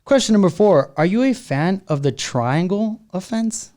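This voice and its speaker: A man hosts a casual podcast, his voice sitting a bit high for a man. He talks in a laid-back, joking way, heavy on slang and "bro," reading quick-fire questions to his guest. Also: animated, a little mellow. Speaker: podcast host.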